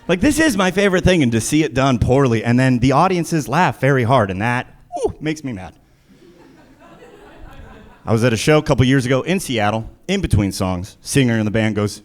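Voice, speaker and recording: A man performing live stand-up comedy, animated and prone to sudden loud shouts. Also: medium pitch, moderate pace.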